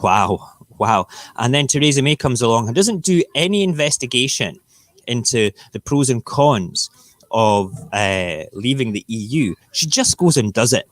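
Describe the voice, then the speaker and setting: A man's voice: mid-range voice, expressive, measured pace, no room sound. A Scottish man hosting a live morning talk stream, ranting bluntly and swearing freely. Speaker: live show host.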